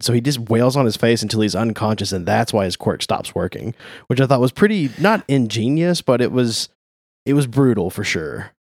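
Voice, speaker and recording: A man's voice: medium pitch, lively intonation, fairly quick, darkish tone, no room sound, studio quality. A man co-hosting a casual podcast, chatting and rambling about comics and laughing at his own jokes. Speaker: podcast co-host.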